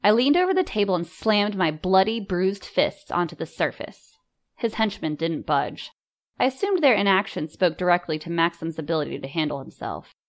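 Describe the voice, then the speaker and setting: A woman reading a story aloud in measured, composed first-person narration. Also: lowish voice, big pitch swings. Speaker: audiobook narrator.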